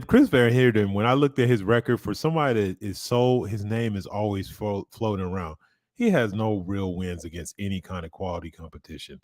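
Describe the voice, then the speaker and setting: Low-voiced man breaking down fight records. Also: darkish tone, dry recording, clean studio sound. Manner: analytical, measured. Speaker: co-host. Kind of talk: casual chat.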